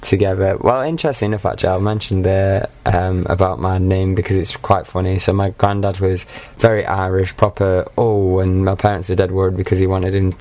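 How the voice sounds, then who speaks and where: A man's voice: sits low, little pitch movement, brisk, few pauses, a little mellow. A man in his twenties with a Mancunian accent, a podcast guest chatting casually and joking at his own expense. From Manchester, England. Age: 20s. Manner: joking, self-mocking, laughs often. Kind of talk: casual chat.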